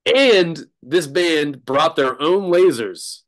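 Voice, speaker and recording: A man's voice: fairly high pitch, lively intonation, slow pace, fairly bright tone. A man, a drummer as guest, telling a rambling story in casual chat, laughing and restarting often.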